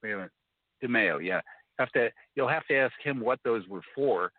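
A man's voice: mid-range voice, animated, no room sound. Rambling man on a tinny phone line. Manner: rambling, halting, many restarts. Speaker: caller. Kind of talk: casual phone conversation.

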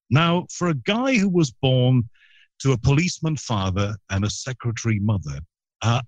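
A man's voice: medium pitch, dry recording. A middle-aged man from Liverpool with a Liverpool accent, telling stories in a casual radio interview with self-deprecating humor. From Liverpool, England. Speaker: radio broadcaster guest.

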